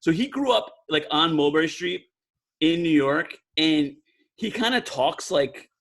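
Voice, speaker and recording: Unhurried and expressive, this New Jersey podcast co-host has a slightly high, gravelly, fairly bright voice. He spins a meandering story laced with "like" fillers, performing the quoted voices as he goes.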